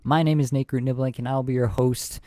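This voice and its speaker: A man hosting a fantasy hockey podcast, talking through player stats in a steady, self-described monotone with frequent ums. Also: medium pitch, fairly quick, dry recording, clean studio sound. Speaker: podcast host. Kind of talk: casual podcast chat.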